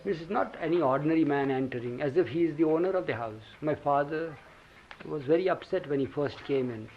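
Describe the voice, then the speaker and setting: On a hissy, dull lo-fi tape from 1980, an older Indian English-accented man recalls memories in casual talk, chuckling and acting out quotes in animated storytelling. His voice is fairly high-pitched and brisk.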